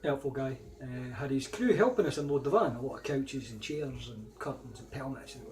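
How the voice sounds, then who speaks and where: A man's voice: medium pitch, fairly quick, a little mellow. A middle-aged Scottish man telling personal anecdotes in a casual, rambling way, growing emphatic when he replays old arguments. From Scotland. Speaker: vlogger.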